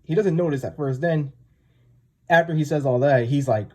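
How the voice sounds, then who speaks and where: A man's voice: fairly high pitch, moderate pace. A man casually recapping a comic chapter, rambling and full of filler words. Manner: rambling, full of "like" and "you know". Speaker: comic reviewer.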